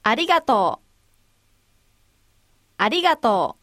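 A woman modeling phrases for a language lesson, saying each slowly and with careful articulation. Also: on the high side, sing-song, a bit bright, no room sound, clean studio sound. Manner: deliberate, clearly articulated. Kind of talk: slow, careful demonstration phrases.

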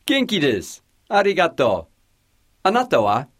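A man hosting a scripted language lesson, guiding listeners clearly and encouragingly. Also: on the high side, wildly swooping pitch, normal speed, no room sound, studio quality. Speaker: language teacher host.

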